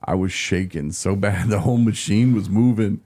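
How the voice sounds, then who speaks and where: A man's voice: on the low side, moderate pace, dark tone, slightly rough, no room sound, clean studio sound. A man co-hosting a podcast, chatting candidly with a laugh and a slight trouble with his S sounds. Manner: candid, laughs while telling stories. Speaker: podcast co-host. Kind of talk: casual chat.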